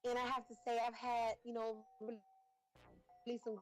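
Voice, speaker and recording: A woman's voice: fairly high pitch, little pitch movement, normal speed, soft background music, poor audio. A woman giving a rambling, heartfelt tribute speech with many fillers. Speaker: roaster.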